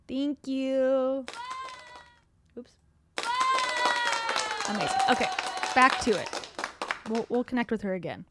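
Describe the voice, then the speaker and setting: A woman's voice: fairly high pitch, lively intonation, slow pace, long pauses, very noisy. A woman livestreaming from home, reacting to videos with sarcastic, mocking commentary and chatty asides. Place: home room. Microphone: desktop streaming mic.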